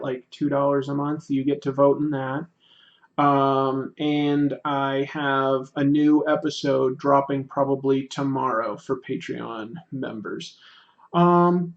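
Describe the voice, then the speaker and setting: Drawing during a casual livestream, this man reads chat messages out loud and jokes at his own expense. His voice runs on the high side, and the audio is muffled.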